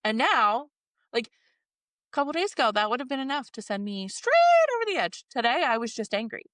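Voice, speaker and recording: Woman, forties, raw and candid podcast talk, swears, voices her own thoughts; slightly high, close and dry. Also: very animated, fairly quick, bright, forceful tone, no echo. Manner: emotional, swearing, acts out her own inner dialogue. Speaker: podcast co-host. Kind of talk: candid personal chat.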